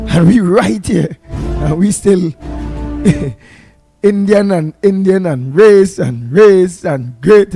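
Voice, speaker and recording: A talk radio host, a man whose slow, lively voice rises and falls as he reacts with wry exasperation. Faint music sits behind him. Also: high-pitched.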